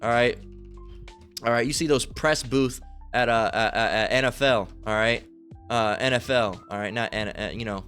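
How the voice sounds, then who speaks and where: A man's voice: medium pitch, normal speed, a bit bright. Man, fiery preacher, cursing and emphatic, scripture readings, "all right?" asides, faint music behind. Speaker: street-style preacher.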